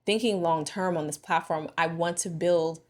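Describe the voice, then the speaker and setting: A woman vlogger and marriage coach talking casually and reflectively to camera, expressive and thinking aloud. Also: on the low side, normal speed.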